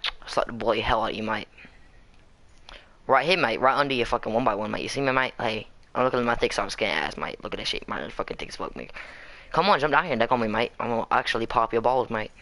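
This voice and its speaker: Bright-voiced man in mock Australian twang. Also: medium pitch, fast talker, no room sound. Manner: puts on a mock Australian accent, tacks "mate" onto lines; taunting, crude, boastful. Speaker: gamer streamer. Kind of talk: profane trash talk while gaming.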